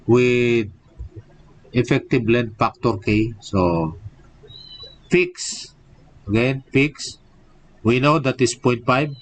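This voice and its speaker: A man's voice: mid-range voice, poor audio. A male engineering professor giving a live-streamed lecture, drilling each point and checking in with "okay?" and rhetorical "what?".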